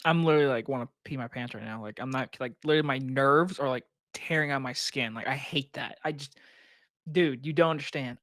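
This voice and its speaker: A young man co-hosting a podcast, excitable in casual chat, laughing and swearing often. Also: mid-range voice, fairly quick, dry recording, clean studio sound. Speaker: podcast co-host.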